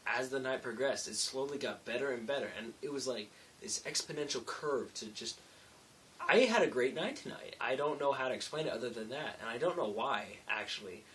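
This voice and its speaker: A man's voice: medium pitch, fairly bright tone, far from the mic, slight background noise. A tired young man rambling through a casual late-night vlog, self-mocking and full of restarts. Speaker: vlogger.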